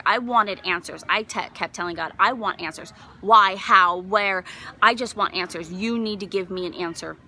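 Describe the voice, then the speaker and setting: A woman's voice: mid-range voice, sharp tone, slight background noise. A bereaved mother giving a personal faith testimony, earnest and emotional, rising to fervent conviction.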